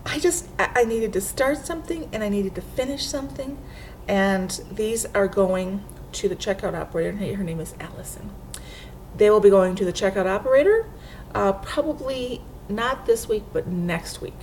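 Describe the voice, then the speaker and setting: A woman's voice: mid-range voice, expressive, normal speed, a little mellow, a little hiss or hum. A woman hosting a knitting video podcast from home, chatting casually and laughing often while she shows her projects to a webcam.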